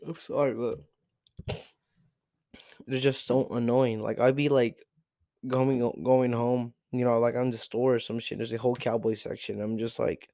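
A man's voice: mid-range voice, little pitch movement, moderate pace, dark tone, no echo, clean studio sound. A teenage boy hosting a podcast, ranting in an exasperated, profane way with lots of repeated rhetorical questions. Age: teens. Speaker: podcast host. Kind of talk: solo sports rant.

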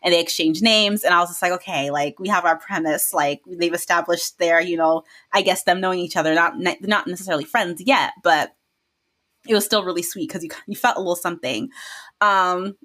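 A woman hosting a podcast, chatting casually as she recaps a drama, gushing and laughing and acting out scenes in high squeals. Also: a little fast, a bit bright. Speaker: podcast host.

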